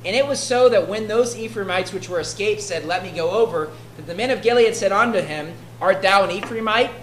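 A woman's voice: mid-range voice, a little fast. A woman preaching a sermon who reads scripture aloud and explains it in a conversational way, often checking in with "right?". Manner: conversational, keeps asking "right?". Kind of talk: expository sermon. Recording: echoey room with faint ambience.

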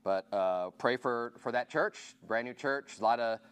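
A man's voice: medium pitch, unhurried, fairly bright tone, clear, resonant tone. A man pastor giving casual church announcements to his congregation, informal and chatty, asking the room questions and counting raised hands.

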